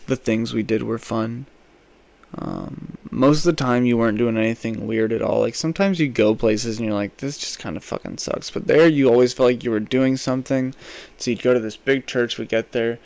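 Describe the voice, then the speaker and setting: A young man hosting a podcast, telling a rambling, profane comic story, swinging between loud rants and mumbled asides. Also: mid-range voice, gravelly. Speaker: podcast host. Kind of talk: rambling comedic monologue.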